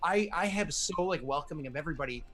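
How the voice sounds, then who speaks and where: A man's voice: on the high side, expressive, quick pace, fairly bright tone. A man who is a guest on a live-streamed tabletop gaming talk, speaking in an earnest, rambling way with many fillers. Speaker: guest game master. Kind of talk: live-streamed casual chat.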